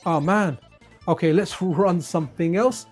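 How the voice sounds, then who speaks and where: Hosting a retro gaming livestream, a man chats casually with viewers, rambling and laughing as he comments on the gameplay. His voice is high-pitched and husky, a little slow, with faint game music behind.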